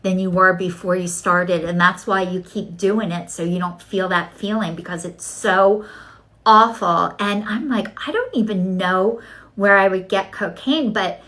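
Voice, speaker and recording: A middle-aged woman vlogging to her viewers in a chatty, animated way, acting out what people said to her. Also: mid-range voice, poor audio. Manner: chatty, animated storytelling, acts out dialogue. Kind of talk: casual talking-to-camera vlog.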